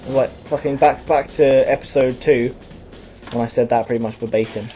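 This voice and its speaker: Guy, young, let's-play commentator, rambling and sweary, mid-pitched voice, faint music in the background. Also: steady tone, fairly quick, dark tone. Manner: profane, rambling, self-mocking.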